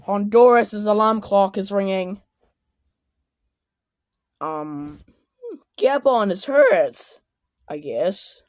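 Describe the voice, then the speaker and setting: A woman giving casual, excitable reaction commentary on animated clips, often exclaiming and shouting. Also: mid-range voice, extremely slow, long pauses, no echo, studio quality. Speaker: video commentator.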